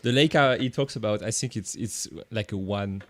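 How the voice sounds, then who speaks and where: A man co-hosting a casual live-streamed podcast, animated and quick to laugh, swearing casually. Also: lowish voice. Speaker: podcast co-host.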